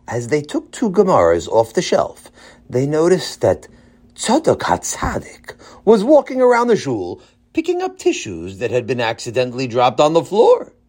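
A man narrating a children's story in a lively, animated voice. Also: mid-range voice, normal speed.

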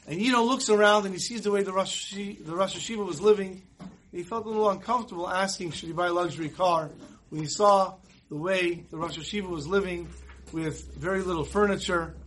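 A man giving a Torah class, telling a story and acting out the dialogue in lively voices. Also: high-pitched, a little hiss or hum, rough recording. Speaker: rabbi.

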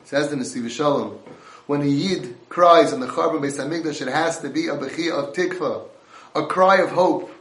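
A man's voice: fairly high pitch, normal speed, a bit bright, reverberant. A man giving an impassioned Torah lecture, mixing in Hebrew and Yiddish terms.

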